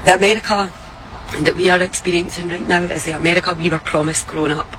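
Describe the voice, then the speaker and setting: A woman's voice: fairly low pitch, fairly even intonation, quick pace, background noise. A woman with a Scottish accent delivering a heartfelt, grateful message. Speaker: visitor giving a message in a clip.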